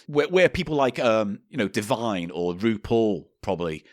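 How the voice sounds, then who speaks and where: Animated man telling a story. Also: fairly low pitch, moderate pace, dry recording, studio quality. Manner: storytelling, stumbles over words. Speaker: podcast co-host. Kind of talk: casual comedy chat, reading aloud.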